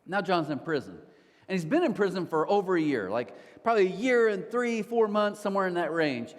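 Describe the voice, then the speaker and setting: A man preaching a sermon as a pastor, telling a story casually with lively asides. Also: high voice, fairly quick. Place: church auditorium. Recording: long hall reverb of a church auditorium.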